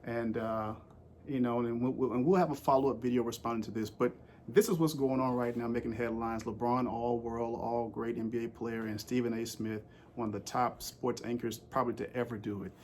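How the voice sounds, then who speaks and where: A man's voice: medium pitch, fairly even intonation, fairly quick, darkish tone, slight background noise. A man recording a casual sports commentary vlog, rambling with lots of fillers and putting questions straight to his viewers. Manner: rambling, with frequent fillers and restarts; asks the audience questions directly.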